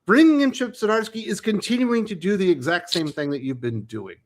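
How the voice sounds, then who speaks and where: A man hosts a casual podcast with blunt, strongly held opinions and free swearing. His voice sits a bit high, and its pitch moves expressively as he argues his points. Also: lively intonation, a little fast. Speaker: podcast host. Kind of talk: casual chat.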